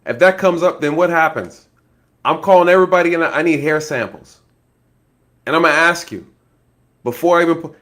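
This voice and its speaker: A man with a somewhat high voice gives casual true-crime commentary, animated and speculative. He laughs often and keeps turning to his viewers. He plays out scenarios as he goes. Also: brisk, pauses often. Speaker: online commentator, former law enforcement.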